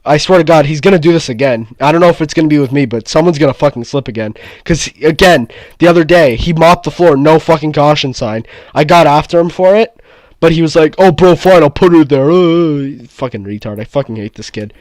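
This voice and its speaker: A man's voice: on the high side, brisk, no echo, studio quality. Profane man telling a heated story. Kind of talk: casual chat.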